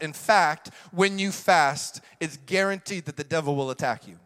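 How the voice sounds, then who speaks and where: A middle-aged male pastor delivers a sermon with emphatic force, repeating his key lines in a high, bright voice. He's animated and smooth at a normal speed with few pauses, and long reverb from a large hall trails every phrase.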